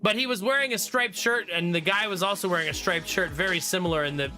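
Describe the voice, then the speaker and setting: A man's voice: high voice, fast talker, pushed and bright, soft background music. A man in his thirties, a livestreamer chatting casually with viewers, reading chat aloud and laughing often.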